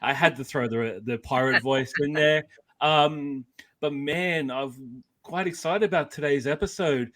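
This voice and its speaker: A man hosting a casual comics podcast, upbeat and energetic as he runs the show. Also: a little high, a little slow. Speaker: podcast host.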